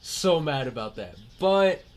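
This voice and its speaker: A man's voice: on the high side, sing-song, unhurried. A young man co-hosting a podcast, joking and repeating himself in casual chat. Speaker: podcast co-host.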